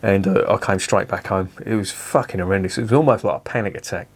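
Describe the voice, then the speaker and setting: A man with a somewhat low voice delivers a casual beer review. He rants bluntly and swears freely, with animated energy. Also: fast.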